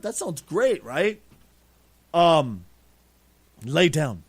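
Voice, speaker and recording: A middle-aged man tells a story on a podcast, loose and full of swearing. His voice sits high for a man and swings widely as he acts out quotes. The sound is dry and close. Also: takes it slowly, breathy edge, no echo. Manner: profane, animated, acts out quotes. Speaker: podcast host. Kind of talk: casual storytelling.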